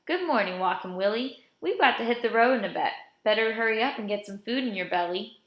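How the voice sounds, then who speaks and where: A woman's voice: on the high side, animated, fairly quick, dull audio, natural voice. Woman reading older man, teasing joker, drawling jokes, roomy echo. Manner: joking, drawling teases.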